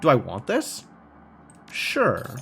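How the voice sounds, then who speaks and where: A man streaming a game, reading its text aloud and thinking out loud in a wry, self-mocking way. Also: mid-range voice, wildly swooping pitch, slow pace, creaky, slight background noise.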